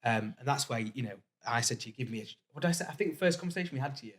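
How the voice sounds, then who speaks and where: A man who is a company managing director, chatting casually with his guest and chiming in with quick agreement. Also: mid-range voice, animated, a bit bright. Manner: quick, agreeable, chips in often. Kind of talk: casual interview chat.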